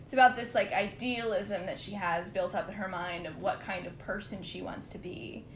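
A woman's voice: fairly even intonation, normal speed. Wry young woman in an echoey room. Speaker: guest co-host. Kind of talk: casual podcast chat. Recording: echoey room with faint rumble.

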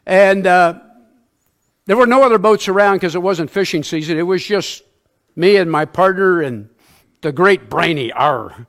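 A man's voice: high-pitched, moderate pace. An older man, a church elder, giving a sermon through a self-deprecating personal story, acting out sounds and quotes along the way. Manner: acts out sounds and quotes in his stories.

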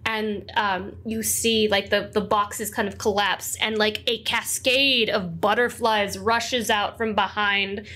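A woman's voice: mid-range voice, steady tone, takes it slowly, hardly any pauses, pushed and bright. A woman narrating a tabletop game as game master, rambling with many fillers.

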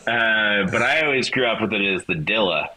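A man with a mild Texan twang talks in a low, bright, forceful voice as a podcast guest. He stumbles through restarts and fillers, candid and a bit profane. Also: low-quality recording. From Texas. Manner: halting, many restarts and ums, candid and profane. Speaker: podcast guest, metal guitarist. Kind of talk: casual interview chat.

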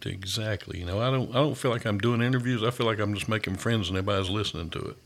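This podcast host has a lowish, gravelly voice and races through a casual interview chat. His manner is easygoing and enthusiastic, and "man" comes up often.

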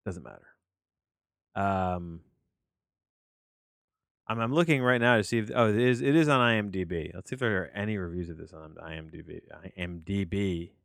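A tired, low-energy man hosting a solo movie podcast from his home office, rambling and questioning himself as he talks. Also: moderate pace, creaky, long pauses, fairly bright tone, no echo, clean studio sound. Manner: rambling, meandering, self-questioning. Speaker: podcast host and movie reviewer. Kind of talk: casual solo podcast monologue.

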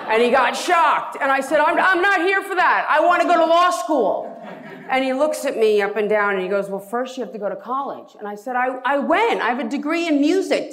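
A woman lawyer telling a lively personal story in an interview, acting out quotes in a casual, swearing manner. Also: mid-range voice. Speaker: entertainment lawyer.

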